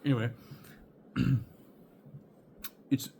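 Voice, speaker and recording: A man's voice: extremely slow, darkish tone, slight background noise. A young man telling a chaotic personal story in a loose, rambling way, swearing often and laughing between thoughts. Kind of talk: casual storytime.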